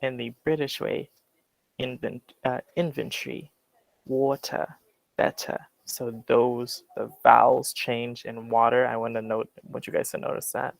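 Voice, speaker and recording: A man with a General American accent, teaching an English class in a relaxed, explanatory way with many fillers. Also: mid-range voice, normal speed, vocal fry, hardly any pauses, no echo, rough recording. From Western United States. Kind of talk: classroom lecture.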